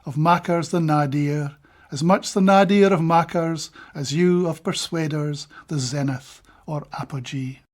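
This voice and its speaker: A Scottish man giving a measured, deliberate poetry reading of his own translations, with brief plain-spoken asides between poems. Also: fairly high pitch.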